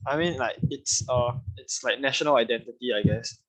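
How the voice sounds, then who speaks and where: A man's voice: mid-range voice, brisk, fairly bright tone, low-quality recording. A male student, answering hesitantly in class and thinking aloud.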